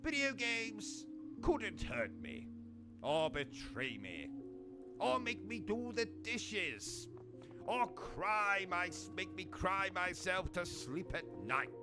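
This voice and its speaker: A man with a British accent hosting a gaming livestream, delivering pompous, insulting, deadpan absurd comedy. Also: high voice, slow, over music. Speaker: gaming streamer host. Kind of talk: comedic in-character livestream monologue.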